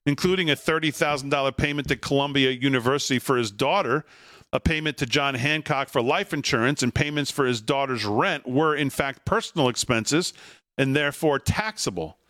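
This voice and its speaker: A man's voice: mid-range voice, fairly bright tone, no echo, studio quality. A man hosting a political talk show, reading news and bantering with jokes. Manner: brisk, jokey banter. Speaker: host.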